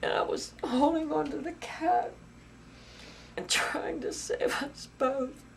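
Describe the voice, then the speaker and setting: Woman interviewee, raw first-person testimony, halting repeats, swings loud to whispered. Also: sits high, fairly even intonation, vocal fry, a little hiss or hum. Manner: halting, repeats phrases, grows intense and loud, drops to whispers.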